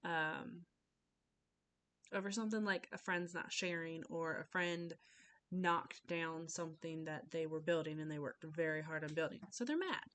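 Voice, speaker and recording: A woman's voice: sits low, moderate pace, fairly bright tone, a little hiss or hum. A young woman giving an informal class speech over a webcam, casual and full of fillers and restarts.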